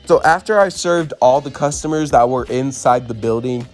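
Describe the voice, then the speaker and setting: A man's voice: medium pitch, moderate pace, soft background music. A young man telling a storytime on his vlog, blunt and profane as he retells an argument at work. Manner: blunt, swears often, retells the argument animatedly. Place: worked in New Mexico.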